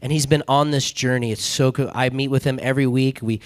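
A man's voice: medium pitch, fairly even intonation, fairly quick, no echo, clean studio sound. A male guest pastor telling a story in a sermon, chatty and casual, acting out the other people's lines. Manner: conversational, acts out quoted dialogue with laughs. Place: church sanctuary.

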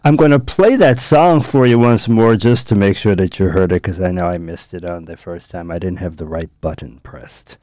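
A man's voice: deep voice, moderate pace, few pauses, warm tone, dry recording, clean studio sound. A man from the United States hosting a radio talk show in an easygoing, conversational way. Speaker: radio host. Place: radio studio.

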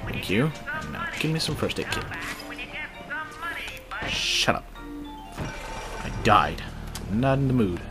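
A man giving casual let's-play commentary, excitable and sarcastic, swearing at the game. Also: mid-range voice, moderate pace, music in the background. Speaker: gaming video host.

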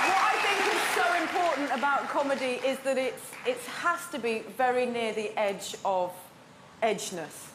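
A woman's voice: high-pitched, very noisy. A woman judging a talent show, giving effusive, gushing feedback to a performer. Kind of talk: judge's feedback. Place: large theatre. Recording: live hall with loud crowd. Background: loud cheering audience.

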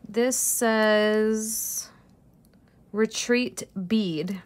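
Slow-talking gushing woman reseller. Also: fairly high pitch. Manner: gushing, chatty, laughs at herself. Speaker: jewelry reseller vlogger. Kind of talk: casual unboxing chat.

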